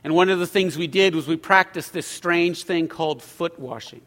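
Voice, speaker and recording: A middle-aged male pastor preaching a sermon, swinging from loud emphatic lines to hushed ones. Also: fairly high pitch, normal speed. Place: church sanctuary. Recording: long hall reverb.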